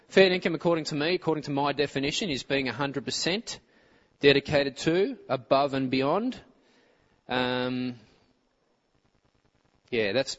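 Chatty Australian man preaching. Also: medium pitch. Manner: chatty, asks the audience questions. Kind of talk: informal sermon. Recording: muffled lo-fi recording.

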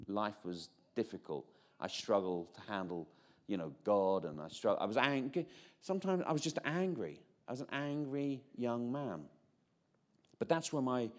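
A man's voice: medium pitch, darkish tone. A Northern Irish man in his fifties preaching a personal testimony, chatty, with asides and restarts. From Northern Ireland. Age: 50s. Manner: chatty, self-interrupting, jokey asides.

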